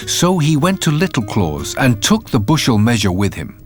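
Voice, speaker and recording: A man reading a fairy tale aloud in an expressive, measured way, with faint music behind. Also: medium pitch. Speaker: narrator. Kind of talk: storybook narration.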